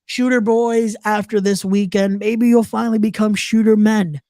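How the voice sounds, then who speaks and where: A man's voice: high-pitched, fairly even intonation, moderate pace, a little mellow, no room sound. A man hosting a wrestling podcast in casual chat, often repeating himself and trash talking rivals playfully. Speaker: podcast host.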